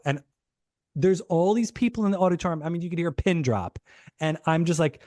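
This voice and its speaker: A man, a podcast guest, telling an animated story in casual talk, rushing and restarting his sentences. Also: fairly high pitch, no room sound, clean studio sound. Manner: animated, rushed retelling with many restarts.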